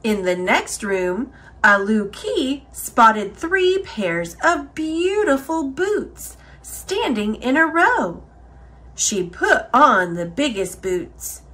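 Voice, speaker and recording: She reads a picture book for children in a higher-pitched voice, giving the story a slow, expressive, theatrical telling.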